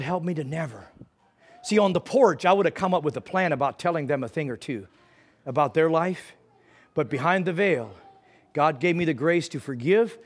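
A man preaching a sermon in church, telling a personal story with feeling and rising into fervent prayer. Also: a little high.

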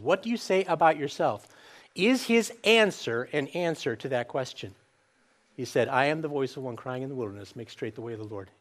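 Animated man preaching a sermon. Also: mid-range voice. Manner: animated, rhetorical questions, voices scripture quotes.

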